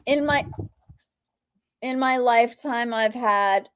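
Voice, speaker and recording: This livestream host is a woman with a fairly high, smooth, slightly bright voice and a slow delivery. She runs a casual live Q&A, chatting freely, reading viewer comments aloud, and cooing at her bird.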